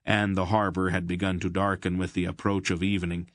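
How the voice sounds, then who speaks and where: Male narrator, fantasy audiobook, measured storytelling, low voice, dry booth sound. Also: little pitch movement, no echo. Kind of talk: scripted narration.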